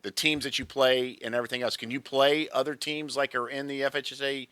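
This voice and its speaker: A male sports interviewer with a bright, ringing voice, recorded close and dry. He keeps things light, joking with his guests and firing off quick follow-up questions. His pitch sits in an ordinary middle range. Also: little pitch movement, clean tone, no echo. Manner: chatty and joking, lots of quick follow-ups. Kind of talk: casual interview at a media day event.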